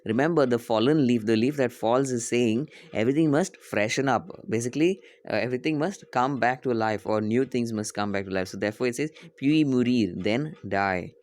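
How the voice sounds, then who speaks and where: A male teacher reading a French poem aloud slowly, repeating each line and translating it, often correcting himself. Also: medium pitch, a little mellow, no echo.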